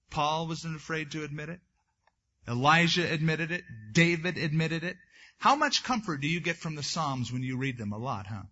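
Husky, forceful male pastor preaching. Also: medium pitch, dull audio. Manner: reads scripture aloud, then breaks into conversational asides. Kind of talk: sermon with scripture reading.

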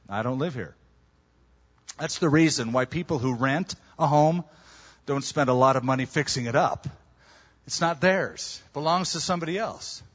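A man preaching a sermon, telling stories with lively swings in pitch and loudness. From California. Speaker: pastor. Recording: dull lo-fi sermon recording.

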